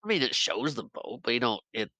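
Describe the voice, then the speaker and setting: A man's voice: medium pitch, very animated, brisk, sharp tone, no echo. A man co-hosting a movie podcast who laughs often and playfully disagrees. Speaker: podcast co-host. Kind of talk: casual movie chat.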